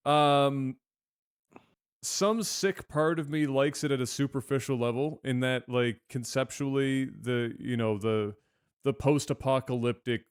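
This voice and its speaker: A man's voice: medium pitch, fairly even intonation, a little slow, smooth. A man co-hosting a gaming podcast, reading listener questions aloud and chatting casually. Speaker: podcast co-host. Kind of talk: casual chat.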